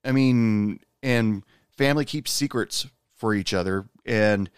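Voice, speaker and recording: Male storyteller, casual and meandering, lower-pitched, smooth resonant voice. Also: a little slow, dry recording, clean studio sound. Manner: rambling, many fillers and restarts.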